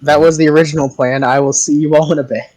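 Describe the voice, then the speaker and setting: A man's voice: a little high, steady tone, fast talker, a little mellow, rough recording. A man, the game master, chatting theatrically with his players during a break on a video call. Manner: theatrical, self-described drama kid.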